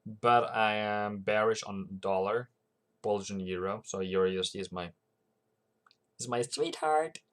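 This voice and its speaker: Unhurried and clean in tone, his fairly low voice carries a livestream about currency trading. The forex channel host keeps up loose, meandering market commentary and reads viewer comments as they come in.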